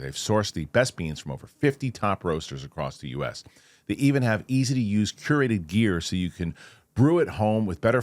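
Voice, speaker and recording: Deep-voiced man hosting a podcast. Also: dry recording. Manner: reads news items aloud, then chats. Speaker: podcast host. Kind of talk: casual podcast chat.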